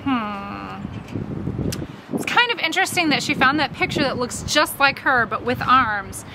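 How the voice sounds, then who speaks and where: A woman reading a middle-grade novel aloud with expressive storytelling and brief commentary. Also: high voice, a little fast, background noise. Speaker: audiobook reader.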